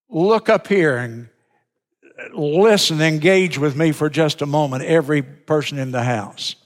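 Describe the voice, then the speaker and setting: Slow, deliberate preacher in a reverberant sanctuary. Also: male voice, fairly high pitch. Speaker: pastor. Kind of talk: sermon. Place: church sanctuary. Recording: long reverb of a church sanctuary.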